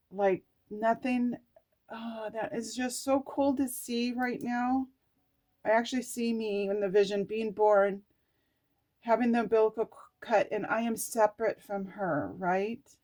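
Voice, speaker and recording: A woman's voice: medium pitch, steady tone, unhurried, darkish tone. A woman vlogger reading scripture aloud and reacting with emotional spiritual exclamations.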